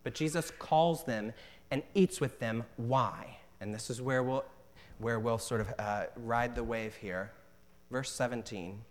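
Earnest male pastor preaching a sermon. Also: mid-range voice. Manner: earnest, reads scripture slowly with stress.

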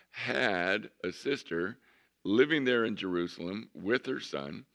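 Male pastor, very low and gravelly, conversational sermon delivery with slow stretched emphasis. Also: lively intonation, pushed and bright. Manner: conversational storytelling, drawn-out emphasis.

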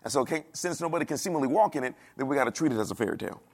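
Speaking very fast at medium pitch, a male pastor delivers an animated sermon in dialect. He quizzes the congregation and performs the voices of whoever he's quoting.

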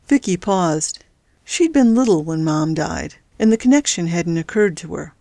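A woman reads a thriller story aloud in a fairly low voice. The sound is dry and close, with no room around it. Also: animated, normal speed, vocal fry, dark tone, no echo. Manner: reads all characters with small pitch shifts. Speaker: audiobook narrator. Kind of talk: scripted narration.

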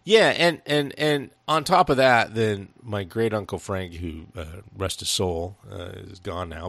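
Low-voiced man with a gravelly edge, rambling through a profane, laid-back movie chat. The sound is dry and close. He laughs often and tells stories at length. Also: a bit bright, dry recording. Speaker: podcast co-host.

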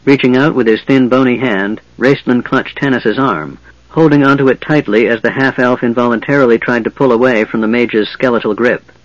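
A man narrates a fantasy audiobook in a steady, measured delivery at a middle pitch. The recording is dry and a little dull. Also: dry recording.

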